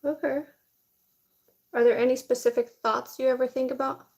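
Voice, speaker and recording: A young woman with a fairly high voice chats bluntly while she does her makeup at home. She talks casually and drops swear words as she goes, streaming to her viewers. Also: flat delivery, normal speed, darkish tone.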